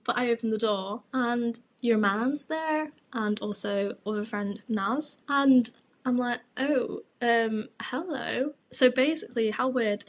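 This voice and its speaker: A young woman, hosting her podcast and telling a gossipy story in a frank, sweary, chatty way. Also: fairly high pitch. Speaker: podcast host.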